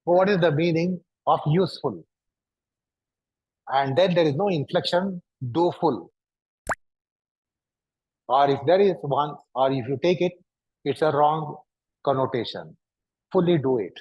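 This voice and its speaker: A man leads a yoga class in a husky, somewhat raised voice, circling back to the same questions again and again. The recording is dull and lo-fi, with a close, dry sound. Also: on the high side, unhurried, pauses often, a little mellow, no echo. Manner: repetitive, probing rhetorical questions. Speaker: yoga teacher. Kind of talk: instructing a class.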